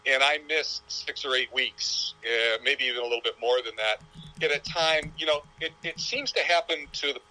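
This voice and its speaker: A man's voice: medium pitch, normal speed, sharp tone, poor audio. A man in his sixties, a golfer guest in an interview, talking in a rambling, reflective storytelling way. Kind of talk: casual interview chat.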